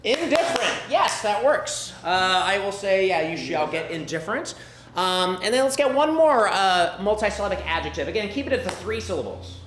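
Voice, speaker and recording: Lively man hosting a live comedy show. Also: sits high, moderate pace. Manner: upbeat, loud crowd-warming calls. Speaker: host of improv show. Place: theatre stage with live audience. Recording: echoey room, noisy audience.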